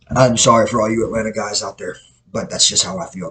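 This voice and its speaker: His voice is lowish and fairly bright, with fairly even intonation and a quick pace, on a rough recording. He hosts a self-produced podcast through its mic, giving blunt, opinionated sports takes in a casual, rambling manner with many self-corrections.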